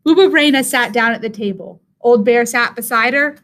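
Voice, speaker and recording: A woman's voice: a little high, moderate pace, hardly any pauses, fairly bright tone. A woman teacher reading a picture book aloud to young children, telling the story expressively.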